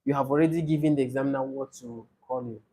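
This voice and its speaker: A man's voice: medium pitch, fairly even intonation, quick pace, mellow. A man tutoring a speaking-test session, explaining patiently and repeating his examples. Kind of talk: classroom coaching.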